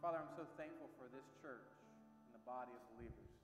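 A man's voice: medium pitch, expressive, fast. A man leading a fervent closing prayer at a church service, repeating his thanks in a rising prayer cadence. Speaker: pastor. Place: church sanctuary. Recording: echoey hall with music behind. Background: soft instrumental music.

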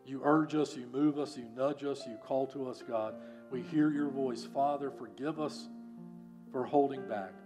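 A man preaching a sermon as a church pastor, earnest and pleading, who builds up to loud, emphatic peaks and then drops low again. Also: measured pace, music in the background. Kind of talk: sermon and closing prayer.

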